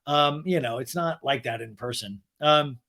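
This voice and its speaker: A man's voice: medium pitch, moderate pace, sharp tone. A man hosting a podcast, recapping reality TV in a chatty, jokey way. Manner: chatty, jokey, acts out every line. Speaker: podcast host. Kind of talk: reality TV recap, casual chat.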